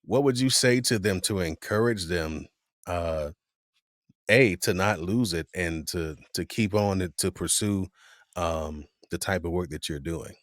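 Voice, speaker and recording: A man's voice: sits low, a little slow, dry recording, studio quality. A man hosting a podcast, asking a long question hesitantly while searching for words. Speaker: podcast host. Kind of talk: interview questions. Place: podcast studio.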